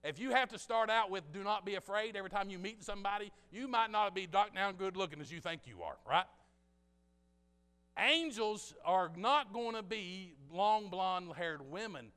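High-voiced male preacher in a reverberant hall. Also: animated, normal speed, sharp tone, smooth. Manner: conversational, jokey preaching with asides to the congregation. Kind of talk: sermon. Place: church sanctuary.

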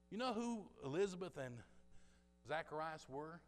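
A man's voice: high voice, animated, moderate pace, fairly bright tone, clear, resonant tone. A man preaching a sermon in a chatty, joking way, talking straight to the congregation in a church. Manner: conversational, jokey preaching with asides to the congregation. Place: church sanctuary. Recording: long hall reverb.

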